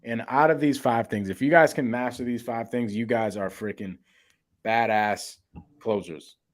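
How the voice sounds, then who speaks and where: A man leading a sales podcast segment, casual and slangy as he tells stories from his appointments. His voice is an everyday middle pitch. He slips into little acted-out exchanges as he goes. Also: normal speed. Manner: storytelling, slangy, acts out dialogue. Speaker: co-host, sales coach.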